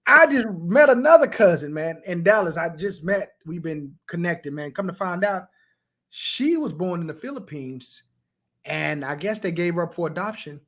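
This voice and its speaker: A man's voice: sits high, lively intonation, normal speed, a bit bright. A man hosting a casual talk show, speaking loosely and dropping "man" into his sentences. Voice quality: casual, keeps saying "man". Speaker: host.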